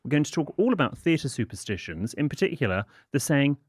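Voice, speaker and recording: A man's voice: medium pitch, big pitch swings, brisk, dry recording, studio quality. A man, co-hosting a podcast as the etiquette expert, with a prim, precise and dryly witty way of talking. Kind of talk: casual podcast chat. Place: studio.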